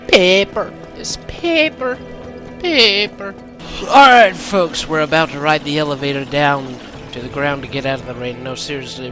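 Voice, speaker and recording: A man giving casual, sarcastic gameplay commentary, joking and swearing freely. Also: fairly high pitch.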